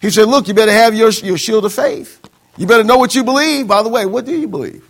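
A male pastor with a high voice preaches quickly, quoting scripture and calling on the congregation for amens. He uses call-and-response and mimics excuses in mocking voices.

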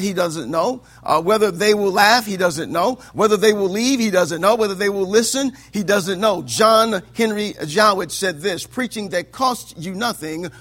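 High, bright-voiced preacher calling for amens. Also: male voice. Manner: call-and-response preaching, asks for amens; swings from loud declaiming to quiet asides. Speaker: pastor. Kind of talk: sermon.

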